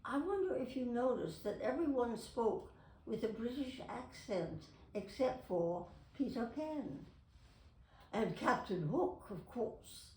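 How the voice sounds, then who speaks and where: A woman's voice: on the high side, lively intonation, takes it slowly, mellow. A woman in her nineties, a voice actress, chatting to camera and reading aloud with theatrical flair. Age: 90s. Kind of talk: casual storytelling to camera. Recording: echoey room, mic at a distance.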